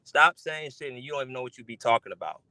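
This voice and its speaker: A man's voice: medium pitch, animated, fast, bright, forceful tone, no room sound, low-quality recording. A man co-hosting a basketball podcast, scolding a critic with frustrated profanity. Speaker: podcast co-host. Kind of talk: heated podcast rant.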